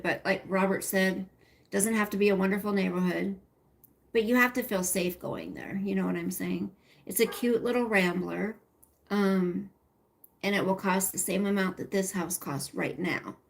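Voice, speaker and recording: A woman's voice: mid-range voice, moderate pace, vocal fry. A middle-aged woman hosting a casual livestream, rambling and chatty as she talks to viewers by name and reads their comments. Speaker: livestream host.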